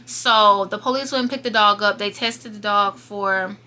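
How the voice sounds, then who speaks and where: A woman's voice: mid-range voice, steady tone, normal speed, bright, forceful tone. A young woman telling her viewers a painful personal story in a casual vlog, earnest and fighting back tears. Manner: earnest, emotional, talking straight to viewers. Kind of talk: emotional storytime monologue.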